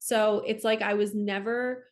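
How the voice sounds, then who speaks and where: A woman's voice: medium pitch, fairly even intonation, measured pace. A woman, a spiritual coach talking earnestly and emotionally to her viewers in a casual monologue. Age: 40s. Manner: earnest, emotional, many "oh my gosh" and "like" asides. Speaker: spiritual coach and channel host. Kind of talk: casual heartfelt monologue to camera.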